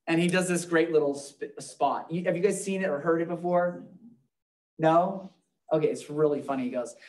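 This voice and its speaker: A man's voice: on the high side, moderate pace, darkish tone, recorded from a distance. A man leading a live real estate training class, talking loosely and joking with the room.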